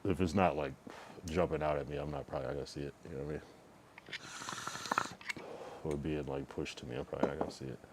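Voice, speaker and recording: A man casually chatting on his live stream, rambling and relaxed, with a lot of fillers and swearing. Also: rumbling low, quick pace, vocal fry, long pauses, heavy background noise. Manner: laid-back, rambling, heavy use of fillers and swearing.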